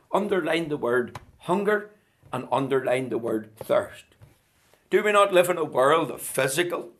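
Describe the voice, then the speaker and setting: A man preaching a sermon, building rhetorical questions and swinging from loud declarations to hushed tones. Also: fairly high pitch.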